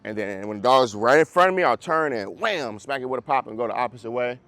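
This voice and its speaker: A man's voice: medium pitch, expressive, quick pace, a bit bright, no echo. A man, a dog trainer, coaching a group class in a casual, conversational way over a video call, often checking that listeners follow.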